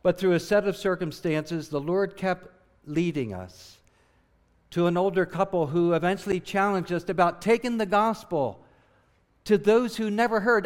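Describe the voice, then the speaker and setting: Middle-aged male missionary preacher from southern New Jersey, slightly high, earnest and emphatic delivery. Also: normal speed. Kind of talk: sermon.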